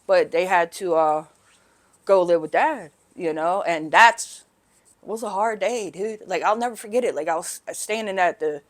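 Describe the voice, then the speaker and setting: A middle-aged woman, a guest on a recovery podcast, telling her story candidly and haltingly, often tagging "right?" and "you know". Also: fairly low pitch.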